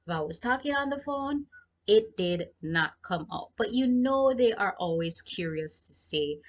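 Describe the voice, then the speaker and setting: A woman's voice: lowish voice, lively intonation, a little slow. A young Jamaican woman giving chatty freelancing advice and talking straight to her viewers in a casual vlog. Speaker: freelancing vlogger.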